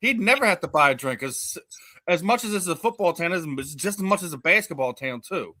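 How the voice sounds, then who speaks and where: A man co-hosting a sports podcast, debating in a halting way with frequent restarts that build into emphatic points. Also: high voice, lively intonation, bright, forceful tone. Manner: halting, many restarts, rises when making a point.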